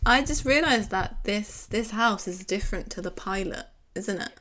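Animated woman co-host. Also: mid-range voice, moderate pace. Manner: animated, quotes characters with laughter. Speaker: podcast co-host. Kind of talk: casual rewatch chat.

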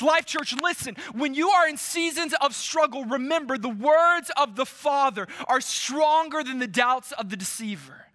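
A male pastor preaching a sermon to his church, slow and emphatic, with dramatic pauses. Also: very high-pitched, animated, bright, forceful tone.

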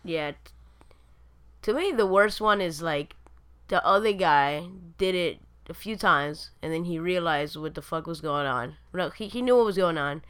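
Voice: mid-range voice, a bit bright, clean tone. A podcast co-host in casual chat who halts and restarts while talking, then rattles off the show's links. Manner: halting in chat, stumbling over words. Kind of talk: casual chat and rapid social-media plugs.

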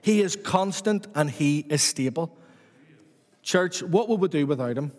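Male preacher, high voice, rhythmic repeated phrases, long hall reverb. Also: expressive, unhurried, a little mellow. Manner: repetitive rhythmic preaching with rising emphasis. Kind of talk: sermon.

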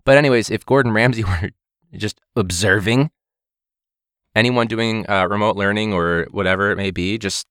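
A man's voice: fairly low pitch, moderate pace, fairly bright tone, no room sound, clean studio sound. A man, a teacher, hosting a casual comedic monologue, rambling and joking and swearing often. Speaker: teacher and podcast host.

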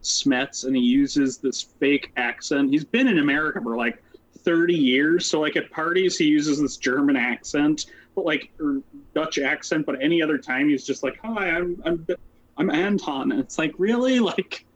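A man's voice: fairly high pitch, dull audio. A man being interviewed as a social worker, telling his story casually and rambling, with lots of "like" and "um" fillers. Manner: rambling, many "like" and "um" fillers, quick asides.

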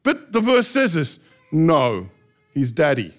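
A middle-aged pastor preaching a sermon with passion, acting out heartfelt prayers in changing voices. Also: male voice, a little high, wildly swooping pitch, slow, soft background music. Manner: impassioned, acts out prayers in shifting voices.

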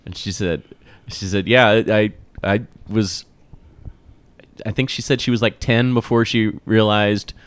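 Male co-host, deeper smooth voice, halting conversational delivery. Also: steady tone, no echo. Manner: hesitant, many fillers. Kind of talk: casual chat, storytelling.

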